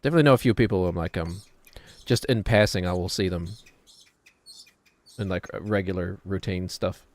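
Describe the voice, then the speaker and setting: With a low-pitched voice at normal speed and long pauses, a thirtysomething New Zealander makes casual, joking chatter while gaming, often poking fun at himself as he rambles on stream.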